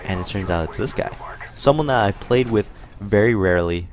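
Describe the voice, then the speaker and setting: A young man telling a rambling, animated story while commentating on a game, with lots of fillers. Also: on the low side, brisk. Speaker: gaming commentator. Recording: faint gunfire noise behind. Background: game gunfire.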